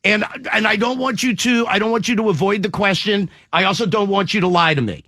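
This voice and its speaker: A man's voice: sits high, brisk, bright, forceful tone, no room sound, clean studio sound. A man hosting a morning radio show, eagerly asking a guest questions with frequent restarts. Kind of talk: casual radio interview.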